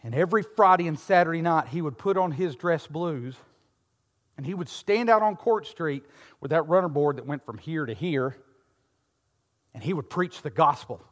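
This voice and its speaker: High-voiced older male preacher, echoing hall. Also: animated, normal speed. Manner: swings from quiet intimacy to shouting fervor. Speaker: pastor. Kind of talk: sermon. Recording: long reverb of a large hall.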